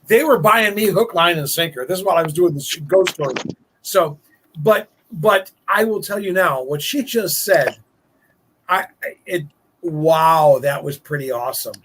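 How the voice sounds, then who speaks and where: A man's voice: fairly high pitch, unhurried, fairly bright tone, slight background noise, poor audio. A man in casual chat who jokes bluntly and calls himself a skeptic. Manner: joking self-styled skeptic, blunt.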